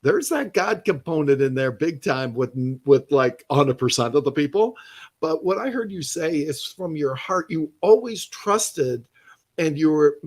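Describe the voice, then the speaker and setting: Podcast host, male, husky and fairly high-voiced, emphatic, casual. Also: expressive, a little slow. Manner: emphatic, encouraging, says "dude" a lot. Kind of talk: casual interview chat.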